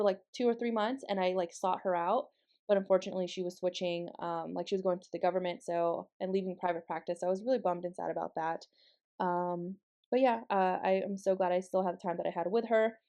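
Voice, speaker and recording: A woman's voice: fairly low pitch, mellow. A young woman rambling casually in a planner voice-over, full of fillers and side tangents. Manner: rambling, chatty, many fillers and asides. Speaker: planner vlogger.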